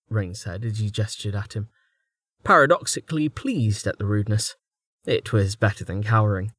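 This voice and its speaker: A man narrating a fantasy novel in a steady, measured storytelling voice. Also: lowish voice, no room sound, studio quality. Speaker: audiobook narrator. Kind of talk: scripted narration.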